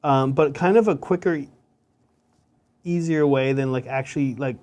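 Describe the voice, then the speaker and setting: A man's voice: medium pitch, normal speed, a little mellow. A man co-hosting a hobby show, chatting casually and explaining each step as he paints miniatures. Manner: chatty, explains steps as he works.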